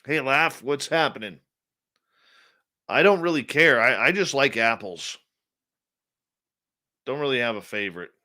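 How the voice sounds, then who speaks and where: A man's voice: medium pitch, expressive, measured pace, long pauses, bright, forceful tone. A man hosting a radio talk show, chatting casually and reading out the live chat, sounding tired and yawning.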